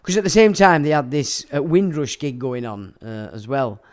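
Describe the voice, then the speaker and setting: A man's voice: medium pitch, big pitch swings, moderate pace. A man, hosting a casual livestream, reading viewer comments and ranting crudely with a lot of swearing. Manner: laughs while talking. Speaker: livestream host.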